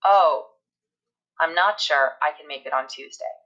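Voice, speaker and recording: A woman teaching a recorded English grammar lesson, explaining step by step and reading examples aloud slowly. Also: sits low, fairly bright tone, muffled recording.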